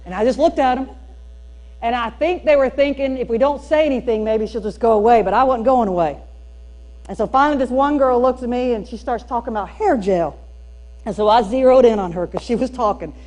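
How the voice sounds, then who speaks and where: A woman with a Southern US accent giving a storytelling keynote at a teacher training, folksy and animated with emphatic punchlines. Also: a little high, fairly quick. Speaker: speaker at a teacher training day. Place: church hall used for a school district training.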